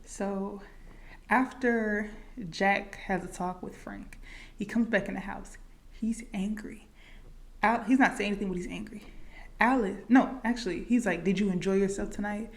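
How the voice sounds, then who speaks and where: A woman talking through a film's story in a relaxed, chatty way, peppering it with "like" and "um". She slips into quick quoted lines as she goes, at an everyday pitch. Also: vocal fry. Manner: chatty, many likes and fillers. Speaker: movie reaction vlogger. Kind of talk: casual movie recap.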